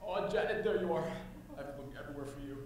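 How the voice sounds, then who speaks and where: A man's voice: fairly high pitch, very fast, slight background noise, close to an everyday voice. A man playing an earnest, lovestruck young groom who pleads with his bride on a school stage. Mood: pleading. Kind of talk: live stage musical acting. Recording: echoey hall from far off.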